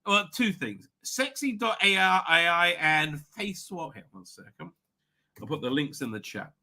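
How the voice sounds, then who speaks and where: Middle-aged man hosting a livestream, rambling and chatty, with a fairly high and very bright voice. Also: animated, unhurried. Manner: rambling, chatty, many fillers and restarts. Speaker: livestream host. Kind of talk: casual livestream chat. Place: home office.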